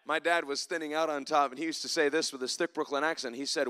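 A man preaching a sermon in church, climbing to loud emphatic passages and dropping to soft, reflective asides. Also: a little high, steady tone, quick pace, clean tone. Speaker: pastor.

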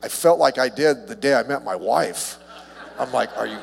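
Chatty pastor in a reverberant hall. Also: male voice, moderate pace, gravelly, breathy edge. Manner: chatty and humorous, his voice jumps higher when he gets excited. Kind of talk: casual evening sermon with personal stories.

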